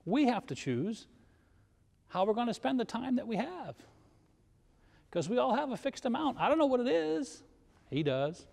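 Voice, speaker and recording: Brief: male preacher, high voice, relaxed and joking, asks the congregation questions. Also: normal speed, vocal fry, long pauses. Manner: conversational, self-deprecating humor, rhetorical questions. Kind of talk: sermon. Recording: long hall reverb.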